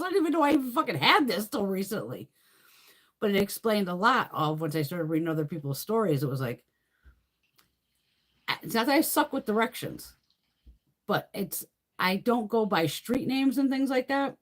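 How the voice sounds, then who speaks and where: Animated woman swearing through a rambling chat. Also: mid-range voice, moderate pace, pauses often. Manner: reads and answers viewer comments. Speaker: beauty video creator. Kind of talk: casual live-stream chat.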